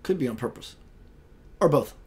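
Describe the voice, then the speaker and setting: A man's voice: mid-range voice, animated, normal speed, darkish tone. A man hosting a spiritual web radio show, chatting casually and playfully, greeting viewers by name and laughing often. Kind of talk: casual livestream chat.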